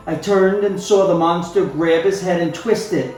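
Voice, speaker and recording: A man reads a spooky storybook aloud, expressive and playful, in a voice a bit higher than most men's. The room is very echoey. Soft music plays faintly underneath. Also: moderate pace. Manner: expressive, playful, talks to the listener. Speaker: storybook reader.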